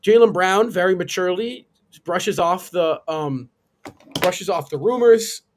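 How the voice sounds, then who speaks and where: A man's voice: high-pitched, measured pace. A man on a live sports talk stream, ranting emphatically with indignant rhetorical questions. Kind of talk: heated sports opinion rant. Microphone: live stream call.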